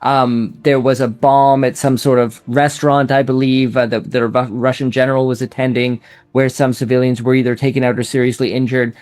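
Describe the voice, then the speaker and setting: A man's voice: medium pitch, level tone, brisk, darkish tone. A man hosting an interview, asking long, chatty, run-on questions. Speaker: interview host.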